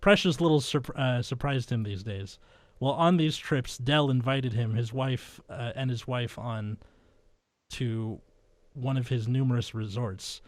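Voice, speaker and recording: A young man hosting a comedy podcast, reading fan fiction aloud in a deadpan voice, with flustered asides and laughter. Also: mid-range voice, a little slow, no room sound. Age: young adult.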